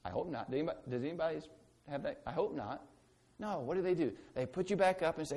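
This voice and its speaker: A man's voice: on the high side, fast talker, a little mellow. A male pastor giving an earnest sermon to a congregation, full of repeated phrases and rhetorical questions, then closing in prayer. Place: church service, also streamed online.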